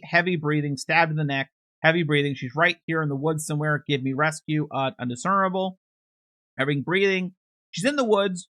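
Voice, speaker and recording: A man's voice: on the high side, sharp tone, no room sound. A man reading aloud the lines of a male sheriff's deputy from a court transcript, giving barked radio calls and orders.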